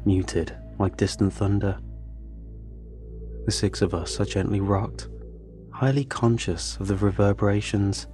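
A man tells a first-person story in a calm, scripted narration. His voice sits low and sounds warm and dark. Faint music plays quietly behind him.

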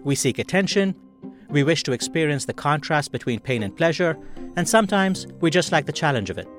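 A man's voice: fairly high pitch, expressive, fairly quick, faint music behind. A man hosting a podcast, interviewing a guest in a thoughtful, conversational way. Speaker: podcast host.

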